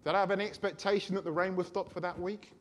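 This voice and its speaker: A man preaching a sermon, telling a personal story in a chatty, animated way. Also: high-pitched, fast talker.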